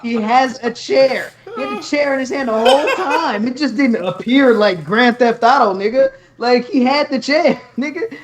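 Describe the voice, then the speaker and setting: A man co-hosting a wrestling review podcast, talking in a loose, animated way and laughing as he goes. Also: extremely high pitch, moderate pace, few pauses, crowd noise. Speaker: podcast co-host. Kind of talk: casual chat, wrestling review.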